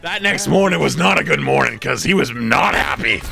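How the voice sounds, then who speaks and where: Bright-voiced young male streamer. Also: on the high side, moderate pace, gravelly, faint music behind. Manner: animated, profane, often gets loud. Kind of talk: casual storytelling while gaming.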